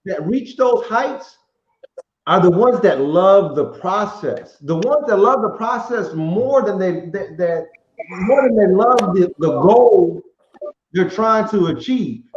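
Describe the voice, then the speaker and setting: Speaking slowly in a high-pitched, animated voice, a man hosts a podcast, chatting casually in a reflective, rambling way with many restarts. The live-stream audio is echoey and muffled, with a little hiss or hum.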